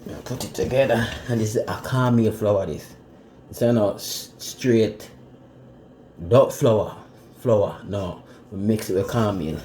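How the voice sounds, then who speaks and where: A man's voice: lowish voice, measured pace, warm tone, a little hiss or hum. A man with a Jamaican accent, chatting casually as he cooks in his home kitchen, laid-back and laughing often. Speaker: home cook and channel host. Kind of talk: casual cooking vlog. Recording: echoey kitchen with running water. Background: dishes clinking and tap running.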